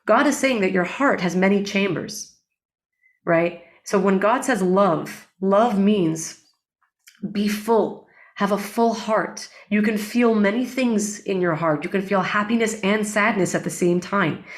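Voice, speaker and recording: A woman's voice: mid-range voice, unhurried. A woman guest on an interview, a breathwork facilitator explaining ideas earnestly, often checking in with "right?" and quoting Hebrew prayers. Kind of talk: reflective interview talk.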